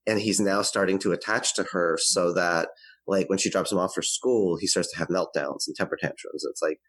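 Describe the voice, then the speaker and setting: Male interview guest, very low voice, dry close sound, earnest and explanatory delivery. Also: steady tone, a little fast, a bit bright, no room sound, poor audio. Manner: earnest, explanatory, varies his pace to demonstrate. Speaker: guest expert on parenting. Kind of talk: conversational advice interview.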